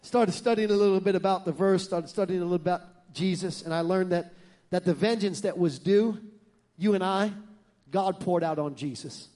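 A man preaching a sermon as pastor, swinging from loud bursts to hushed lines and acting out voices in his stories. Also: sits high, moderate pace.

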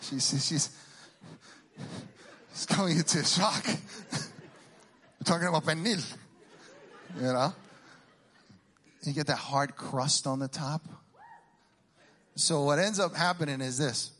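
A middle-aged man from Puerto Rico doing a stand-up routine, teasing the crowd with quick questions and Spanish exclamations. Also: a little high, fairly bright tone, slightly rough. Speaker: stand-up comedian.

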